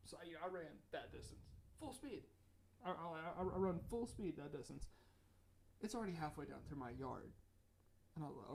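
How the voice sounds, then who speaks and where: Gravelly young man telling a ghost story. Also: a little high, moderate pace, pauses often, slight background noise. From North Carolina, US. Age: young adult. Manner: rambling, animated storyteller with restarts. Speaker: podcast co-host. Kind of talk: casual chat, storytelling.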